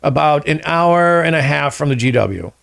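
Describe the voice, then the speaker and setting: A male comedian spins rambling anecdotes, acting out the quotes as he goes. His voice sits a little high for a man and carries a gravelly rasp. He is recorded close and dry. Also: expressive, moderate pace, a bit bright, dry recording. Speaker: stand-up comedian guest. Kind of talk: casual storytelling chat.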